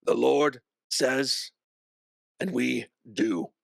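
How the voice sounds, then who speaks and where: A man's voice: medium pitch, vocal fry, no echo, clean studio sound, voice pushed up, full character voice. Man voicing a cold warforged guard. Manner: flat, measured, unfeeling.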